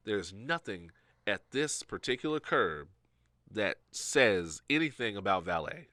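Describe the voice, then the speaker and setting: A podcast co-host tells a story in a casual, animated way, acting out the people he quotes. His voice is fairly low, and he takes his time.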